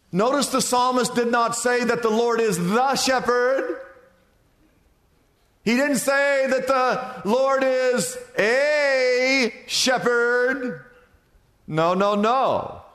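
A man's voice: sits high, a bit bright. A man preaching a sermon as pastor, asking rhetorical questions and repeating phrases for emphasis, in a church. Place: church sanctuary. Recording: long reverb of a church hall.

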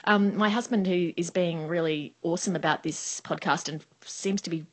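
Animated woman, podcast co-host. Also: moderate pace. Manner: animated, laughs often, jumps into high exclaiming asides. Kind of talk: casual chat.

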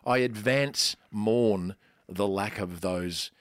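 Expressive man, rambling chat. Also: lowish voice, slow pace, no room sound. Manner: expressive, rambling, self-mocking. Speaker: podcast co-host. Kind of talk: casual chat.

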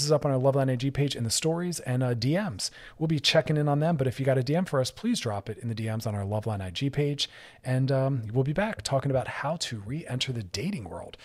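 Chatty male radio host and therapist. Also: mid-range voice. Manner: chatty, laughs often, upbeat. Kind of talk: solo radio talk show.

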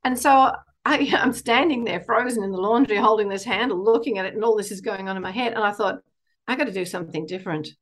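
Middle-aged woman, counsellor guest, lively storyteller who laughs easily. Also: medium pitch, quick pace. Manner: animated, laughing storyteller, acting out inner voices. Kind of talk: storytelling interview chat.

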